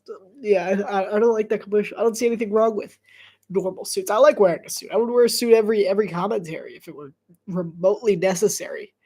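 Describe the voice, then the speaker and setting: Woman, live play-by-play, stuffy and congested, rambling chatter, mid-pitched. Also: fast, warm tone. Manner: chatty, rambling, laughs often. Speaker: sports commentator. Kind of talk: casual live game commentary.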